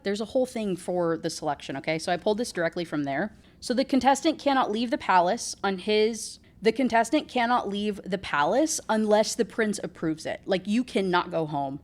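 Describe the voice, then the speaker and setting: A woman's voice: medium pitch, animated, moderate pace, hardly any pauses. A woman recapping a novel in a casual, rambling chat with sarcastic asides, saying "like" a lot. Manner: chatty, rambling, full of "like". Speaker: book reviewer.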